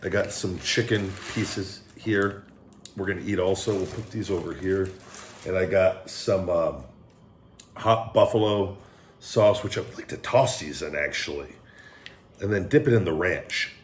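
A man with a very low, deep voice hosts a food review vlog. He talks in a pumped-up, joking way and keeps teasing himself. Faint room sound sits behind him. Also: a little slow, a little hiss or hum. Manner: joking, hyped, self-mocking. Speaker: host.

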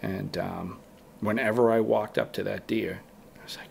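A low, gravelly man's voice, rambling through a long story in a casual podcast chat. He keeps slipping into quoting his own past thoughts. A faint hiss sits under the recording. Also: steady tone, normal speed, darkish tone. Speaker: guest bowhunter.

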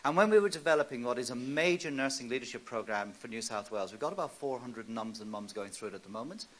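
Bright-voiced man giving a keynote. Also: medium pitch, quick pace. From Ireland. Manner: lively and joking, engaging the audience directly. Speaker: keynote speaker. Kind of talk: conference keynote talk. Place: conference hall.

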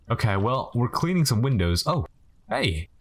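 A man's voice: mid-range voice, husky. A young man giving joking, casual commentary while playing a game, chatting to the characters on screen. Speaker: gaming commentator. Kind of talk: casual let's-play commentary.

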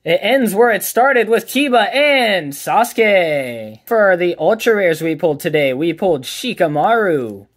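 A man's voice: high voice, lively intonation, unhurried, hardly any pauses. Chatty man opening card packs. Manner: upbeat, chatty, calls out each card as pulled. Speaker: card collector and channel host. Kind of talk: casual card pack opening commentary.

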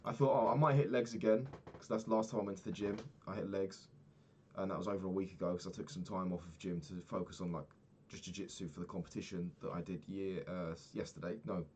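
A young vlogger with a low, steady, slightly mellow voice talks fast about his day over a video game, rambling, swearing freely, mocking himself and often restarting. It's casual diary talk, with a little hiss or hum in the background.

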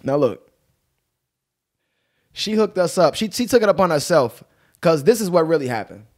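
A man co-hosting a casual podcast, talking in an animated way and breaking into sing-song hype. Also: fairly high pitch, normal speed. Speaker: podcast co-host.

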